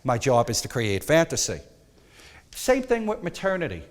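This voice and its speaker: A man's voice: medium pitch, moderate pace. Emphatic man teaching in a hall. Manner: emphatic, animated, drops to soft coaxing when demonstrating. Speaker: photography instructor. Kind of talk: energetic workshop teaching.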